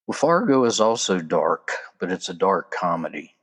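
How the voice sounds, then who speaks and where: Deep-voiced man hosting a podcast. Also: big pitch swings, moderate pace, fairly bright tone, breathy edge. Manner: chatty, loose and conversational with asides. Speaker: podcast host. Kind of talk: casual solo podcast talk.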